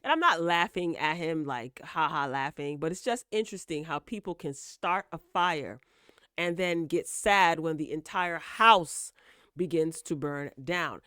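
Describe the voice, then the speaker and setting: Chatty woman commentator, lower voice, dry. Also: measured pace, pushed and bright, dry recording. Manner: repeats "all right?" and "okay?" as check-ins; opinionated, lecturing tone. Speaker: entertainment news commentator. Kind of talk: casual gossip commentary.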